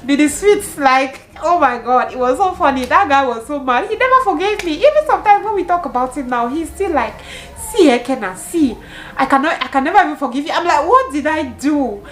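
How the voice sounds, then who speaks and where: A young woman from Cameroon in her twenties tells a storytime vlog. Her voice sits a little high, and her storytelling is animated and broken up by bursts of laughter. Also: fairly quick, soft background music, poor audio. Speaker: vlogger.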